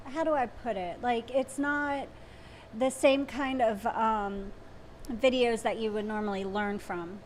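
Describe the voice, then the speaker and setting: A woman co-hosting a casual live stream, bubbly and quick to laugh. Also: on the high side, slight background noise. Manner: bubbly and gushing, laughs easily. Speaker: co-host.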